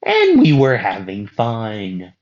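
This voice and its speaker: A man voicing a brash young male fighter who shouts his complaints, recorded on a dull lo-fi mic. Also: fairly low pitch, wildly swooping pitch, takes it slowly, exaggerated voice. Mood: exasperated.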